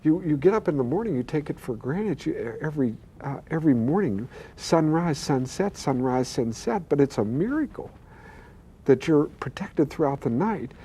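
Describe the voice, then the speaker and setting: A man's voice: fairly high pitch, lively intonation, moderate pace, dark tone, breathy edge. Earnest older man telling a testimony. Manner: earnest storyteller who quotes voices and stammers. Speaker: pastor and guest.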